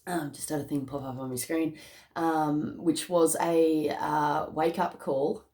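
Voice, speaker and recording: A woman's voice: deep voice, fairly even intonation, unhurried, darkish tone. A woman giving a casual, emotional tarot reading to camera, chatty and often laughing. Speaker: tarot card reader.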